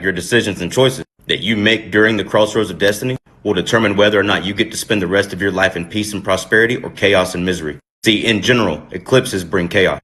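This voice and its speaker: Fast, deep-voiced astrologer with urgent warnings. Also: male voice, fairly bright tone. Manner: urgent, insistent salesmanship. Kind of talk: scripted pitch to camera.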